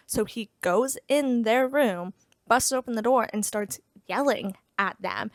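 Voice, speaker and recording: A woman's voice: a little high, unhurried, no room sound, clean studio sound. A woman giving a casual, chatty plot recap as a book reviewer, full of "like" fillers and wry asides.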